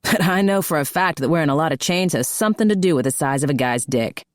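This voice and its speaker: A male hockey player who loves to needle people with mocking trash talk, voiced by a woman narrator. The voice is low and dry, recorded close. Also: expressive, fast, no echo. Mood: teasing.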